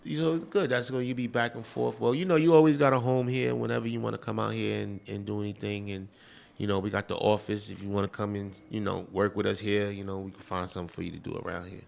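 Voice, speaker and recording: A man hosts a relaxed interview. His voice is gravelly and rough at the edges. He rambles through his stories and keeps dropping "you know.". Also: on the low side, quick pace. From Queens, New York. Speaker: host. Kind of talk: casual interview chat.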